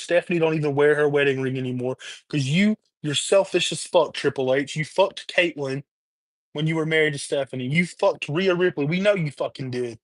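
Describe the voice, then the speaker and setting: A man's voice: fairly high pitch, dry recording. Furious, swearing man ranting on stream. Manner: heated, profane, repetitive ranting. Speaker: livestream host. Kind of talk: angry rant on a livestream. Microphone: webcam or streaming mic.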